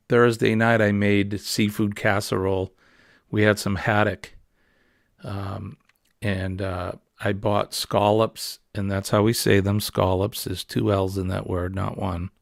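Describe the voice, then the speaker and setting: Gravelly New England man chatting casually. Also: fairly low pitch, level tone, takes it slowly, no room sound, studio quality. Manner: chatty, rambling, easygoing. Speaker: livestream host. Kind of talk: casual morning chat.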